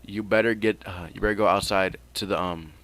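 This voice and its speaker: A man voicing a gruff, strict male teacher who is scruffy and sleepy, speaking bluntly and bossily in a casual fan story. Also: low-pitched, steady tone, fairly quick, fairly bright tone, a little hiss or hum. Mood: bossy. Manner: blunt, bossy.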